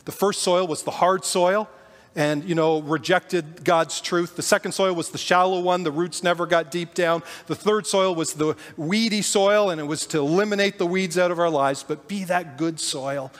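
A man, a pastor, delivering an earnest, animated sermon in a church. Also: high-pitched, moderate pace. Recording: long hall reverb.

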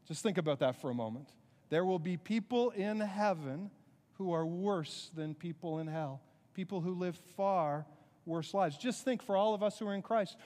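A man preaching a sermon as pastor, earnest and conversational, with quick asides to the congregation. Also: high-pitched, a little mellow, long reverb tail.

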